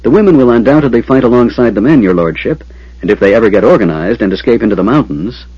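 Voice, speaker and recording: A man voicing a wary reptilian soldier captain in an audiobook, speaking quickly in a raised, urgent voice. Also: medium pitch, expressive, dark tone, breathy edge, dry recording. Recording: dull lo-fi.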